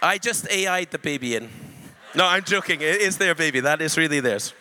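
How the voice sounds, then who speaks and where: A man preaching a sermon, telling an animated story and joking with his congregation. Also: on the high side, a little fast, some chatter behind, slight background noise. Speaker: pastor. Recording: echoey hall reverb.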